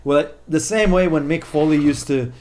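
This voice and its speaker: A man co-hosting a wrestling podcast, talking excitedly and rambling, with many fillers and some swearing. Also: fairly high pitch, normal speed, slight background noise. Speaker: podcast co-host. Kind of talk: casual wrestling chat.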